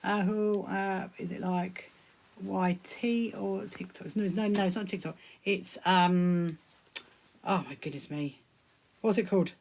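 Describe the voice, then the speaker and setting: A woman's voice: medium pitch, measured pace, vocal fry, slight background noise. Chatty woman hosting a sewing live stream. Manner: chatty and rambling, with bursts of excitement. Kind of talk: casual live-stream chat answering viewer comments. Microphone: phone streaming live.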